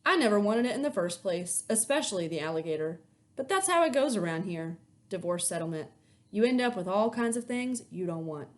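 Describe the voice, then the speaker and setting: A woman's voice: medium pitch, lively intonation, fairly quick, close to an everyday voice. A woman reading a children's novel aloud, voicing a blunt, weary middle-aged woman who runs a motel desk and talks in a curt, dismissive way.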